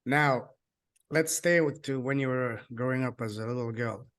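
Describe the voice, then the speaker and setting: A man's voice: mid-range voice, moderate pace, fairly bright tone. A man from France with a French accent who hosts a podcast interview and asks curious, upbeat questions. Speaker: podcast host. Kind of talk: casual interview chat.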